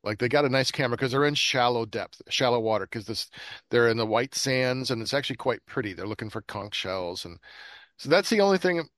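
A man's voice: medium pitch, expressive, brisk, fairly bright tone, dry recording. A man hosting a casual podcast chat about bad movies, rambling with lots of fillers. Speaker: podcast host.

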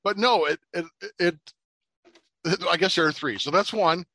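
A man's voice: sits high, normal speed, bright, forceful tone, no echo. A man co-hosting a podcast in casual chat, joking and rambling with frequent laughs. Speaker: podcast co-host.

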